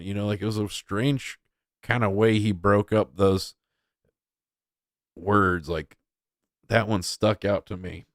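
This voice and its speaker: A man's voice: on the low side, measured pace, no room sound, clean studio sound. A young man hosting a podcast, giving rambling casual commentary full of filler words. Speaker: podcast host.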